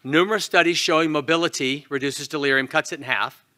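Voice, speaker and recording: A man's voice: on the high side, fast talker, bright, forceful tone. A man from Louisiana with a Southern US accent, giving a conference lecture and quizzing the audience in a folksy way. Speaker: conference speaker, intensivist.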